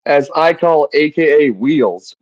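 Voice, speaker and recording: A man's voice: on the high side, slow, lo-fi sound, crowd noise. A man hosting a casual podcast film review, rambling and swearing, speaking through a headset mic. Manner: rambling, swears often, quotes lines in animated voices. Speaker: podcast host. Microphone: headset mic on headphones.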